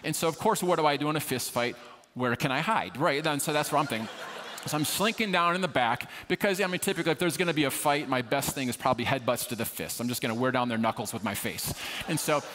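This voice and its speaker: A man's voice: mid-range voice, fast, a bit bright, a little hiss or hum. A man preaching a sermon, telling a story with humor and poking fun at himself. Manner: humorous, self-deprecating storyteller. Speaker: pastor. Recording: long reverb of a large hall.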